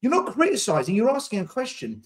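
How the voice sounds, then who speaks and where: Animated, high-voiced man arguing. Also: fast talker. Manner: animated, argumentative, repeats words when pressed. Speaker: podcast host. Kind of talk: heated casual debate.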